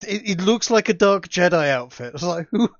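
A man chatting casually as a podcast co-host, animated and quick to laugh. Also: high-pitched, no echo. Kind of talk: casual chat. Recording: dry, dull lo-fi audio.

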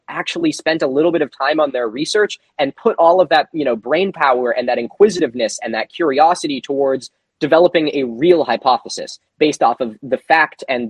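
Husky man rambling his opinions. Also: a little high, no room sound. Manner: rambling, filler-heavy opinion talk. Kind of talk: casual commentary.

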